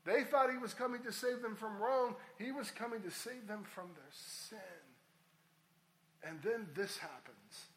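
A man's voice: very high-pitched, moderate pace, hardly any pauses, a bit bright, slight background noise, rough recording. A middle-aged man preaching a sermon as pastor, reading scripture aloud and building to emphatic peaks.

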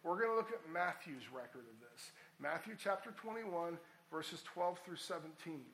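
A man's voice: fairly high pitch, lively intonation, moderate pace, a bit bright, a little hiss or hum, poor audio. A middle-aged man preaching a sermon as pastor, reading scripture aloud and building to emphatic peaks.

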